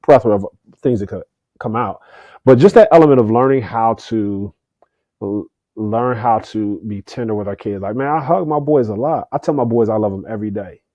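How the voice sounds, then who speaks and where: A middle-aged man talks earnestly as a podcast guest, often repeating a word before his thought comes out. His voice is low-pitched and warm. It is recorded dry and close. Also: a little fast, dry recording, lo-fi sound. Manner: earnest, repeats words when starting a thought. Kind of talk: candid conversational interview.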